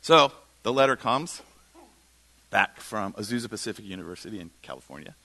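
A middle-aged man telling a lively personal faith story at a church, acting out the people he quotes. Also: brisk. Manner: animated storyteller, quotes others in lowered voice. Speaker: speaker at a church. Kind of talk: storytelling sermon talk.

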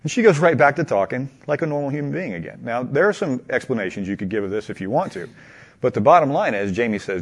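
A man telling a long anecdote to a small group in a casual, halting way, asking them questions along the way. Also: mid-range voice. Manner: animated, halting, many restarts and laughs. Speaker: teacher leading a group discussion.

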